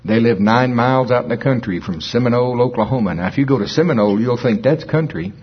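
Older guy preaching, husky low voice, homey storytelling, dull lo-fi sound. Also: quick pace. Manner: folksy, storytelling, chuckles at his own jokes. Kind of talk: sermon. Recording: dull lo-fi recording.

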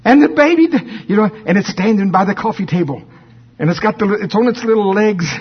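Animated, husky-voiced preacher. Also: male voice, sits high, brisk, muffled recording. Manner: animated storytelling, playful, acts out voices. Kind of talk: sermon.

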